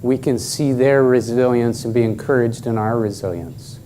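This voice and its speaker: A man's voice: medium pitch, normal speed, dark tone, slight background noise. A middle-aged man giving a workshop talk at a conference, emphatic and joking with the audience. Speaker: conference speaker.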